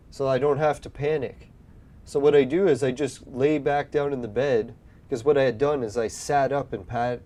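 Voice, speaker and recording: Young male gaming host, relaxed mellow voice, rambling storyteller, swears a lot. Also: mid-range voice. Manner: rambling, swears often, acts out his own past lines. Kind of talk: casual storytelling while playing a game.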